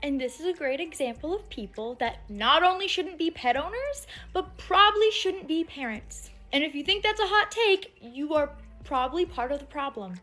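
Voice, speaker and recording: A woman's voice: high-pitched, expressive, normal speed. A woman giving an indignant, scolding opinion rant to the camera.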